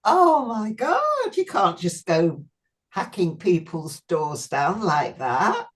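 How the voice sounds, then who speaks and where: Woman, casual chat, amused, lively pitch, slow speech. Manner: amused, laughing reactions.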